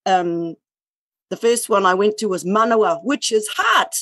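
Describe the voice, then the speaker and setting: A woman's voice: mid-range voice, lively intonation, measured pace, fairly bright tone, no room sound. A woman with a New Zealand accent, talking earnestly on a video call in a sharing circle, with many fillers and restarts. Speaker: indigenous speaker in a sharing circle. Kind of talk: casual online sharing circle talk.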